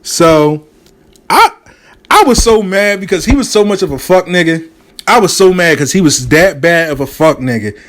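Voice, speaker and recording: A man telling a story casually, animated and profane, acting out the people he quotes. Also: a little high, fairly quick.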